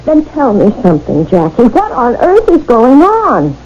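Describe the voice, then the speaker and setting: A woman's voice: fairly high pitch, huge pitch swings, moderate pace, a little mellow. An actress playing an insistent, exasperated woman who saw a murder, in a 1970s radio drama. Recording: dull old radio broadcast with faint hiss.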